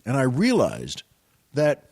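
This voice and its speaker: A man's voice: medium pitch, wildly swooping pitch, takes it slowly, a little mellow, slightly rough, dry recording, studio quality. A man, a comedian and actor guesting on a podcast, telling show business anecdotes in a rambling, self-deprecating way with plenty of restarts.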